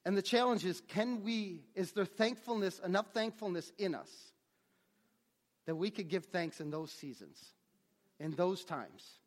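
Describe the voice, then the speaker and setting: A man's voice: sits high, expressive, a little slow. A man preaching a sermon, earnest, often repeating words as he restarts his phrases. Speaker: pastor.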